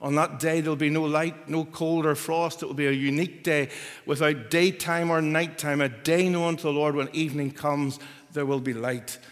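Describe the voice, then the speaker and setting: A man preaching a sermon, emphatic and building to forceful repeated declarations. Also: fairly high pitch, fairly even intonation, moderate pace, in a large hall.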